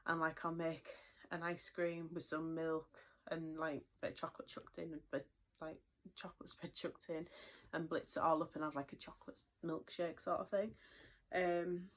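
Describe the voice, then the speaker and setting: A young woman with a British accent talks through a casual vlog update in a low voice. She rambles with plenty of fillers and sounds a little out of breath at times. It's relaxed, everyday home chat. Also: moderate pace. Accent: British English. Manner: chatty, rambling, many fillers. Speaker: vlogger.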